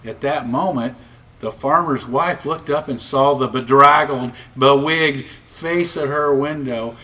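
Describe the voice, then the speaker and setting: A man reading a children's storybook aloud with expressive, varied narration. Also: mid-range voice, unhurried, distant mic, background noise. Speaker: storybook reader.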